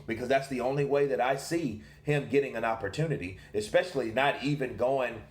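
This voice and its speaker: A man talking through boxing news in a loose solo commentary. He is animated and keeps asking rhetorical questions. His mid-range voice carries a roomy echo. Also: mid-range voice, brisk. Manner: animated and rhetorical, asks questions and answers them himself. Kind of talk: casual commentary monologue.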